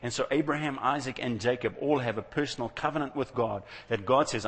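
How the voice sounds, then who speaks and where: Husky-voiced male preacher in a reverberant hall. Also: mid-range voice, a little fast, hardly any pauses, fairly bright tone. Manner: conversational storytelling, acting out quoted voices. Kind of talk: sermon.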